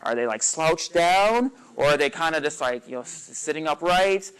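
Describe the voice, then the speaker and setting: A man leads a casual coaching session for a small group in a meeting room. His voice sits slightly high and moves in lively swings. He chats loosely, full of fillers, and slips into little acted-out lines. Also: moderate pace, clean tone, rough recording. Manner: animated and conversational, acts out sample lines, frequent fillers. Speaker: coach teaching a workshop on listening. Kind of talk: casual live teaching talk.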